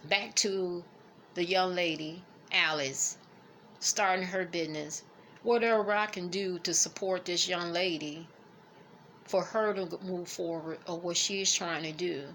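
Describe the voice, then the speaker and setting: A middle-aged woman talks slowly in a personal vlog, her voice gravelly and full of fry. She speaks haltingly and emotionally, restarting her words as she fights back tears. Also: fairly low pitch, a bit bright, slight background noise. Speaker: vlogger. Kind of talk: personal reflection to camera.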